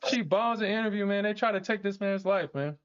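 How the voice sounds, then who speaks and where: A man's voice: high-pitched, fairly quick, clean tone. A man hosting a live trading stream, chatting casually, swearing and laughing as he talks. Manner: animated, swearing, laughing often. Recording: dull lo-fi stream audio.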